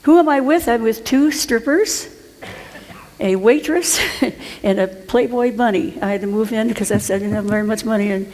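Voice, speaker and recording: A woman's voice: a little high, normal speed, a little mellow, big-room sound, rough recording. A woman in her sixties telling a rambling personal story to a conference audience. She laughs often and restarts her sentences. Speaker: author and conference speaker. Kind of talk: storytelling talk to a live audience. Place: conference hall.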